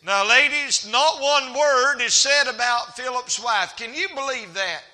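A man's voice: extremely high pitch, measured pace, pushed and bright. A man preaching a folksy, humorous sermon as a traveling evangelist in a church. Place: church hall. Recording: reverberant church hall.

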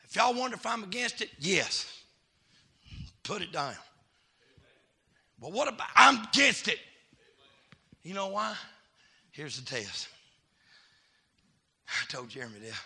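A man preaching a fiery sermon, calling out to the congregation and swinging from hushed asides to shouting. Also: medium pitch, lively intonation, measured pace, gravelly, long pauses, breathy edge.

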